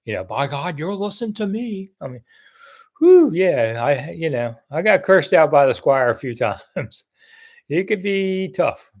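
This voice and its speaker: A man's voice: on the high side, sing-song, measured pace. An older man hosting a casual live sports chat, blunt and chatty as he reads viewer comments and answers them.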